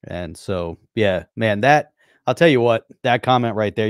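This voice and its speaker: A man's voice: on the low side, expressive, a little slow, smooth, no room sound, studio quality. A man from the United States co-hosting a live podcast stream, easygoing and often laughing. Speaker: podcast co-host. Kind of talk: casual live-stream chat.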